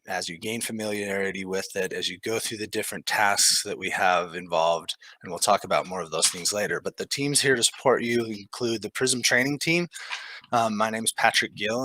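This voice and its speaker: Bright-voiced man leading a training. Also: lowish voice, dry recording, rough recording. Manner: relaxed, many ums, slow and measured. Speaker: training team manager. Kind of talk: online training presentation.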